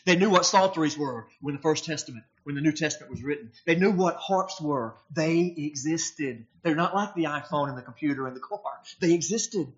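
A male preacher delivering a sermon in an emphatic manner, often turning his points into rhetorical questions. His voice sits a little high for a man. The recording is dull and lo-fi. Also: fairly quick, hardly any pauses.

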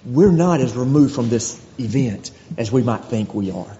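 A man's voice: medium pitch, animated, moderate pace, few pauses, mellow. A man preaching a sermon to a congregation, driving his points home with repeated rhetorical questions. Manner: rhetorical questions, emphatic repetition. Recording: dull lo-fi audio with long reverb.

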